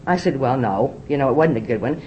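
Middle-aged lady at a podium spilling her recovery story, low voice, rattles along quick, faint rumble behind. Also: animated, muffled recording. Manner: candid, storytelling, repeats words on restarts. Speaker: recovery meeting speaker. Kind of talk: personal testimony talk. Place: meeting hall podium.

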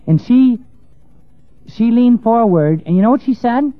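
A man with a high voice tells a personal story to an audience, stammering now and then as he moves from hushed tones to raised ones. The sound is thin and tinny like a phone line and dry, with no room echo. Faint music plays underneath. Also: lively intonation, a little slow. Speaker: speaker telling a personal story.

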